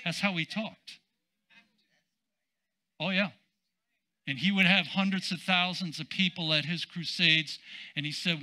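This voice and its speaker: An older man, a senior pastor, preaching a sermon in an emphatic, drawn-out way with casual asides. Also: sits high, pushed and bright, low-quality recording.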